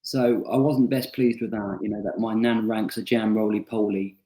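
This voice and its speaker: A young man tells stories about his travels in an easy, self-mocking way, often pausing on fillers. His voice sits fairly low and sounds roomy, as if recorded in a bare space. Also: steady tone, dark tone. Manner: chatty, self-deprecating storyteller with frequent fillers. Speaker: author interviewed about his book. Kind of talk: casual anecdotal interview. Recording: roomy echo.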